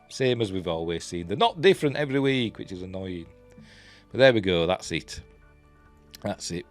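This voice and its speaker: A man with a Yorkshire accent giving a rambling, enthusiastic casual review, full of ums and restarts. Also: fairly low pitch. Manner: rambling, filler-heavy, enthusiastic. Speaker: TV review vlogger.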